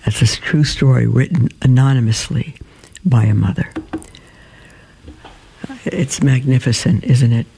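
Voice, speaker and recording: Male radio host, middle-aged, gentle earnest delivery, dark gravelly tone. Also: medium pitch, a little slow, long pauses, a little hiss or hum. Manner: gentle, earnest, with hesitant fillers. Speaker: host of a Catholic call-in radio show. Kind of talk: live radio talk, reading a story aloud.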